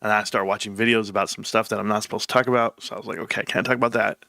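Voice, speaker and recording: Man, casual livestream host, bright voice, dry close sound, rambling chatty delivery. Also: on the low side, fairly even intonation, very fast, gravelly, no room sound. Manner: rambling, laughs while telling stories.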